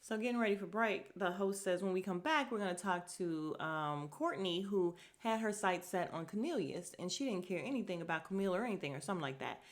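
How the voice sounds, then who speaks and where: A woman's voice: medium pitch, a little fast, few pauses. A woman hosting a podcast, chatting casually and gossiping through a reality show recap, talking to her listeners with fillers and asides. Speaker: podcast host.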